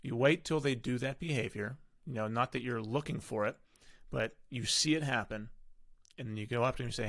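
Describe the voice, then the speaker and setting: A man's voice: medium pitch, fairly quick, fairly bright tone. A man hosting a parenting podcast in a casual, conversational way, often restarting his sentences. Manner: conversational, with frequent fillers and self-corrections. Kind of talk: casual solo podcast talk.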